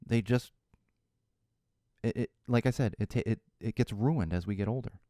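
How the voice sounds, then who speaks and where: A man hosting his own podcast, talking solo in an animated, ranting way and mocking other people's voices. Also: lowish voice, normal speed, dry recording, studio quality. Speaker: podcast host.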